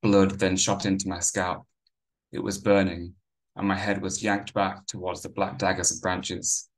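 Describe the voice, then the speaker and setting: A man reading his own novel aloud in a measured first-person narration. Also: low-pitched, completely flat delivery.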